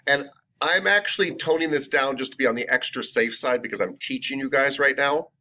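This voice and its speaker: A man teaching a massage therapy class in a chatty, animated, jokey way. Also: medium pitch, fairly quick. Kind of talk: classroom lecture. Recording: lo-fi recorded lecture.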